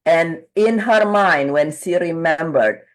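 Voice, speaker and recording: A woman's voice: sits low, slow. A middle-aged woman grief coach talking through a client's story, rambling with restarts and slipping into quoted voices. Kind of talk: conversational interview.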